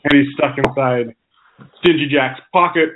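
A man co-hosting a podcast, telling a folk tale in a relaxed, chatty way with frequent restarts. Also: medium pitch, a little slow, noisy background. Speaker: podcast co-host. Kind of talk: casual storytelling chat. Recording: phone-like narrow sound.

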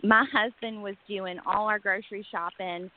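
A woman's voice: medium pitch, fairly even intonation, normal speed. Chatty Southern woman from Alabama. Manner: chatty, laughs often, many fillers like "um" and "like". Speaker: guest, yoga fitness instructor. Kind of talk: candid conversational interview. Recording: phone-line audio.

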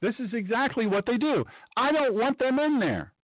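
A man hosting a radio show and preaching in an excitable, animated monologue, sometimes mocking others in a high voice. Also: moderate pace, no room sound. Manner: excitable, breaks into mocking high-pitched impressions. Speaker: radio show host and pastor. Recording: tinny phone-line sound.

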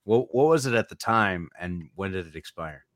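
A man hosting a casual podcast, rambling and joking with his co-hosts. His voice sits on the low side. The sound is dry and close. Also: expressive, normal speed, a bit bright, no echo. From California. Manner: jokey, rambling, asks the guests questions. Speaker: podcast host.

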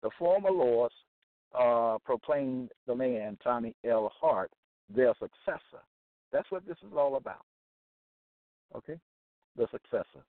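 A male religious broadcaster preaches on Bible passages in an emphatic, repetitive style, often asking "okay?". He speaks in a mid-range voice at a measured pace with long pauses. The sound is tinny like a phone line, dry, with no room sound.

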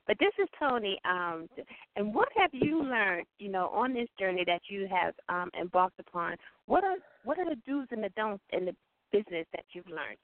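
A woman's voice: mid-range voice, big pitch swings, moderate pace, dry recording. A woman co-hosting a casual talk show, encouraging her guest and asking questions. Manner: encouraging, frequent affirmations. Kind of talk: casual online radio talk. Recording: dry tinny phone line.

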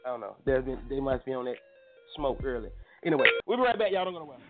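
A man's voice: mid-range voice, very animated, quick pace, over music. Nc guy hosting a morning show, chill and slangy, kinda tinny like a phone line. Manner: laid-back, slangy, joking. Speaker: radio show host. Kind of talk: casual morning show chat.

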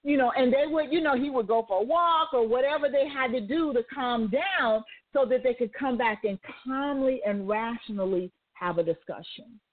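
A woman's voice: high voice, moderate pace, hardly any pauses. A woman hosting a talk radio show, retelling a story with asides and turning it into a faith-based lesson. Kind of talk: motivational talk radio monologue. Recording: tinny phone-like line.

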